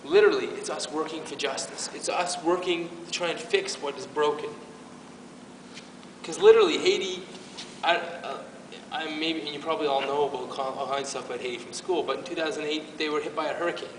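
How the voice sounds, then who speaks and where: Speaking to the youth group at his parish, this man delivers a casual faith talk with earnest emotion and frequent restarts. His pitch sits fairly high and his pace is a touch quick. Captured from far away in a reverberant hall, the audio carries slight background noise.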